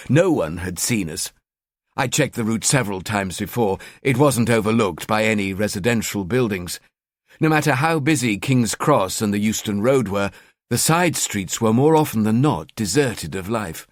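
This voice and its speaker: A man narrating a crime thriller audiobook in the first person, with a cold, measured delivery. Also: lowish voice, no echo, studio quality.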